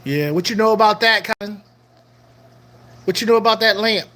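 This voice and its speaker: An aquarium channel host chatting casually on a livestream, animated and joking, often repeating phrases. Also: mid-range voice, moderate pace.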